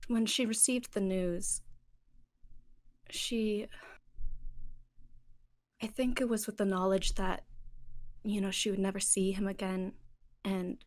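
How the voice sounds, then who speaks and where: A sympathetic woman rogue talks gently to an old friend in a tabletop game, as a woman plays her. She speaks slowly and sometimes drops to a hush. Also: mid-range voice, little pitch movement, close to an everyday voice. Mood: somber.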